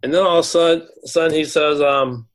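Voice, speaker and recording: A man working in school administration, telling a long story in an interview, halting and repeating words as he goes. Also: a little high, steady tone.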